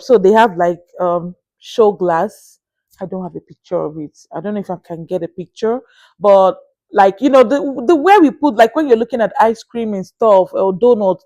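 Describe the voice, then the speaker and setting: A young Nigerian woman with a Nigerian accent, telling a story to camera in a casual, animated and exasperated way, with sighing asides. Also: mid-range voice, no room sound. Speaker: vlogger.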